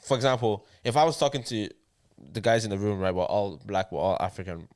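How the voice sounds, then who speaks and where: A man's voice: lowish voice, expressive, a little fast, a little mellow. Rambling Irish young man, podcast co-host. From Ireland. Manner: rambling, repeats "do you know what I mean". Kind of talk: casual chat.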